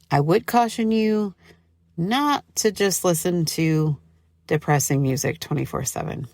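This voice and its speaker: A woman hosting a solo podcast in a low voice with a gravelly edge. She talks casually and gushes, with lots of "like" and fillers. The sound is dry and close, with no room echo. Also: darkish tone. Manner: chatty, gushing, lots of "like". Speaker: podcast host.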